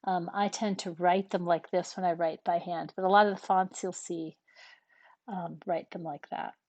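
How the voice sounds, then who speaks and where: A woman's voice: on the low side, fairly even intonation, normal speed, darkish tone, dry recording. A woman teaching a language lesson in a patient, step-by-step way, with frequent ums between points. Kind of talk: relaxed classroom explanation.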